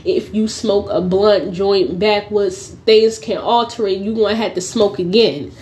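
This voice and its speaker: Slow-talking young woman, profane storyteller. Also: mid-range voice. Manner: profane, blunt and animated, often breaking into laughter. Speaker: podcast host. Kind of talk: casual storytelling monologue.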